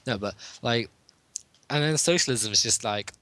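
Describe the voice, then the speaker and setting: A man's voice: lowish voice, animated, normal speed, sharp tone. A man co-hosting a podcast in a casual, joking chat, rambling along with frequent chuckles. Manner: rambling, jokey, chuckles often. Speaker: podcast co-host.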